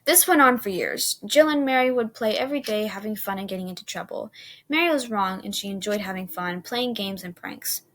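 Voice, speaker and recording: A woman reading a horror story aloud in an unhurried way, with small restarts. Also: mid-range voice, a bit bright.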